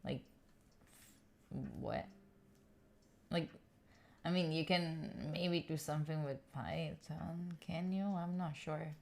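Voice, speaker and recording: A woman's voice: sits low, steady tone, slow, gravelly, long pauses, a little mellow. A young woman from Italy hosting a study livestream at home, chatting casually and giggling as she answers viewers' questions. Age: young adult. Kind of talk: casual chat with live viewers. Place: room at home.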